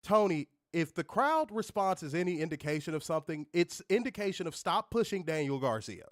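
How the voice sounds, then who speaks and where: A man hosting a podcast, ranting in an animated, profane, casual way. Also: on the high side, brisk, no echo, studio quality. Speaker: podcast host. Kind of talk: casual chat.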